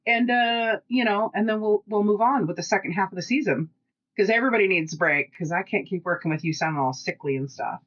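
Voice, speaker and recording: A woman with a Pacific Northwest American accent, co-hosting a podcast in casual chat and telling stories with lively quoted dialogue. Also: medium pitch, fast talker, muffled recording. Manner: chatty storytelling, animated quoted dialogue. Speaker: podcast co-host.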